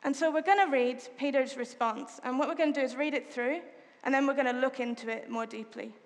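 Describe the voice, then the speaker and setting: A woman's voice: high-pitched, brisk, long reverb tail. A woman preaching a sermon, retelling a Bible story in a conversational way with casual fillers.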